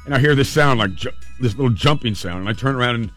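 A man's voice: medium pitch, fast, fairly bright tone, faint music behind. Earnest man telling a personal story. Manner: earnest, emotional, vivid retelling.

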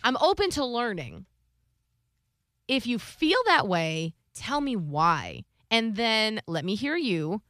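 A woman's voice: on the high side, big pitch swings, slow, a bit bright, no room sound. A woman co-hosting a radio show, chatting casually in the studio, emphatic and opinionated.

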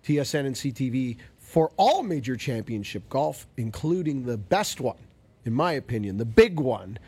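Animated, ranting male radio host. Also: mid-range voice, moderate pace, breathy edge. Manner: ranting, exasperated, grumpy. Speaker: radio golf show host. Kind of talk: animated talk-radio chat.

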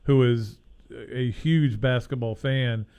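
A man hosts a sports radio show in a loose, conversational way. He muses out loud, pausing to think, in an even middle-pitched voice. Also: smooth. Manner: relaxed, thinks aloud with fillers. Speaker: radio host. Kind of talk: casual sports radio chat.

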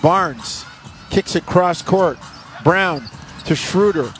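A man's voice: high voice, lively intonation, a bit bright, faint music behind. A man calling basketball play-by-play in clipped bursts that rise on made shots. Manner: rapid clipped calls, rising on made shots. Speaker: play-by-play announcer.

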